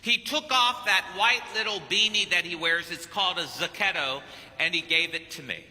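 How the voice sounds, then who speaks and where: A priest from Kentucky tells a sermon story with lively acted-out dialogue. His high voice has a sharp, bright edge. It carries with a long, ringing church reverb. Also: normal speed, a little hiss or hum. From Kentucky, United States. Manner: animated storyteller who acts out dialogue. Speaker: priest and missionary preacher. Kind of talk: anecdotal sermon.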